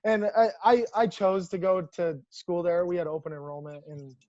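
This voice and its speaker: A man, a professional baseball coach, telling stories in a casual, animated way over a video call. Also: on the high side, normal speed, dry recording, lo-fi sound. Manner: animated, lots of restarts and laughs. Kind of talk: casual storytelling.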